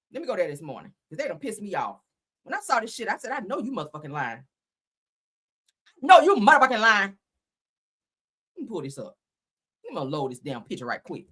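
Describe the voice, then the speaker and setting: On her own channel, a woman with a medium-pitched, husky, pushed and bright voice rants bluntly about a reality TV show. Her heated commentary is profane, sarcastic, and full of repeated lines.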